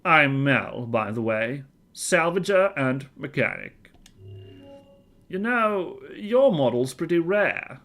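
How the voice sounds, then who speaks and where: A man's voice: on the high side, sing-song, slow pace, fairly bright tone, faint music behind, voice pushed up, exaggerated voice. A man voicing a friendly female robot salvager and mechanic, with a put-on Scottish accent in a chirpy, slightly raised voice.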